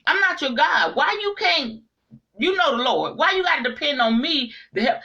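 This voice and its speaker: A middle-aged woman talks straight to her viewers in a casual, preachy spiritual monologue. Her voice is high-set and bright, and her pitch swings widely as she drives her points home. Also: normal speed, highs cut off. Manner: animated, preachy, speaks straight to the audience. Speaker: online inspirational speaker.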